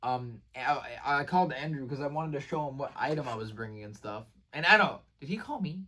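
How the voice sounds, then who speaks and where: A man recapping his day in a casual vlog, rambling and excitable, with lots of fillers and restarted sentences. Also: mid-range voice, brisk, recorded from a distance. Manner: rambling, filler-heavy, says "like" and "bro" constantly. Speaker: vlogger.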